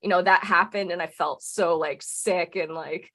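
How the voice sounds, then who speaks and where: A woman's voice: fairly low pitch, fairly even intonation, moderate pace, fairly bright tone. A woman casually recounting a personal ghost story on a podcast, talking loosely and filling her sentences with "like". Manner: chatty, peppers speech with "like". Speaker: podcast guest.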